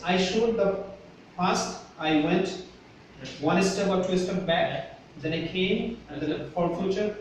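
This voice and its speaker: The speaker is a man giving a university lecture in Bangladeshi-accented English, his voice high and a little bright. His delivery is emphatic, and he often checks on the students with "Yes? Clear?" Recorded from afar in an echoey classroom, the audio carries a faint hiss.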